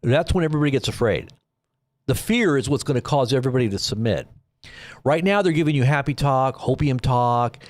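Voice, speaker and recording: A man's voice: mid-range voice, lively intonation, brisk, dry recording. A man hosting a live commentary stream, talking in a rambling, preachy way full of warnings. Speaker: commentary host.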